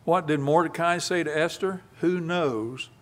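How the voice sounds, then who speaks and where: A man preaching a sermon, reading scripture quietly and then building to loud, emphatic passages. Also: fairly high pitch, measured pace.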